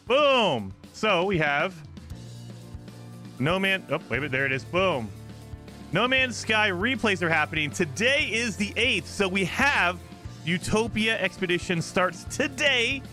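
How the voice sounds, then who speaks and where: A man streaming a game live, chatting casually and excitedly to his viewers while saying he is exhausted from little sleep. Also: high-pitched, unhurried, soft background music. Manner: excitable, rambling, talks to chat. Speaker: gaming streamer.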